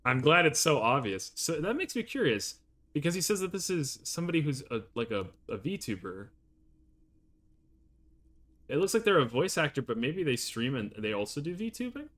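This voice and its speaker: Fields: Sex: man. Role: streamer. Tone: bright, animated. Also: fairly high pitch, normal speed. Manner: chatty, laughs often, reacts aloud. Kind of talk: casual gameplay commentary.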